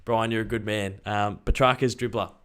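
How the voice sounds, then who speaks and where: A young Australian man chatting excitedly on a live stream and reading out viewer messages. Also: on the low side, moderate pace, smooth. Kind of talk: casual live stream chat.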